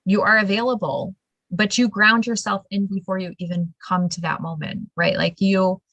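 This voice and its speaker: A woman hosting a casual interview, telling stories in an animated, emphatic way and laughing now and then. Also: mid-range voice, moderate pace, no echo, dull audio. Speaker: show host.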